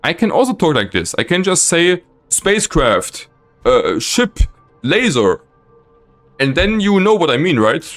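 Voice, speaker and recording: Animated streamer ranting at his chat. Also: a little fast, hardly any pauses, faint music behind. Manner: exasperated, ranting at chat with lively swings of pitch. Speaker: live streamer. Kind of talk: casual gameplay commentary.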